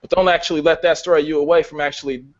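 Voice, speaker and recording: A man on the high side argues his case about a film, cursing freely and pushing his points hard. The sound is muffled and lo-fi, like a video call. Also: little pitch movement, quick pace. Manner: swears a lot, casual and emphatic. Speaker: film reviewer. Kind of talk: casual debate.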